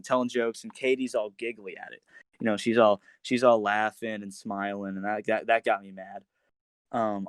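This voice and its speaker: A man's voice: mid-range voice, smooth, dry recording. A young man on a casual podcast, retelling a breakup story with lots of fillers and restarts, switching into raised voices when he quotes others. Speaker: podcast guest telling a story.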